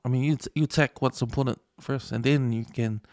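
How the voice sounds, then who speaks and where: A man with a New Zealand accent co-hosting a podcast, making his points in a plain, measured way. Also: mid-range voice, steady tone, darkish tone, dry recording, clean studio sound. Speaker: podcast co-host. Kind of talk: casual chat.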